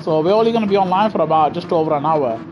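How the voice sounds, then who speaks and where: A man with a British accent giving chatty, excitable live commentary on a racing game over a headset mic, laughing often and grumbling in mock outrage. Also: a little high, rapid-fire, background noise. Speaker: gaming streamer. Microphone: gaming headset.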